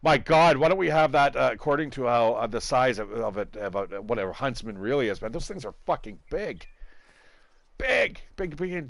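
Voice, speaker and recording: A middle-aged gaming channel host from Southern Ontario, Canada, rambles casually through gameplay commentary, swearing and laughing often. His voice is medium-pitched and gravelly, captured in a dry recording.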